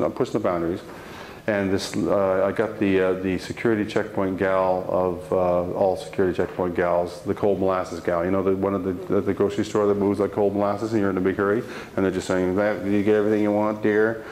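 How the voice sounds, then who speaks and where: A man with a fairly low voice gives a motivational talk to a live audience. He tells his story with lively energy, acts out the bits he quotes, and often restarts his sentences. The sound is roomy, with a faint hiss behind it. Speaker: motivational speaker. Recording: roomy hall sound, faint background noise.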